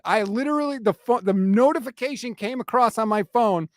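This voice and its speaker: Hoarse, exasperated podcast host. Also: male voice, very high-pitched, brisk, dry recording, clean studio sound. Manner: incredulous, exasperated, repeats himself. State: hoarse from screaming. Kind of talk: emergency sports podcast rant.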